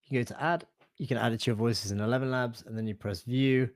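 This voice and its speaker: A man presenting a live online software demo, thinking aloud in a relaxed, hesitant way with fillers and self-corrections. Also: mid-range voice, quick pace, no echo. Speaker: webinar presenter.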